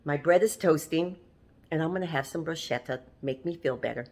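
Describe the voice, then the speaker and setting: A woman's voice: sits low, fairly quick, darkish tone. A woman hosting a home cooking show, talking through a recipe step by step in a chatty, homey way and often laughing at herself. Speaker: home cooking channel host. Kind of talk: casual cooking demonstration. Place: home kitchen.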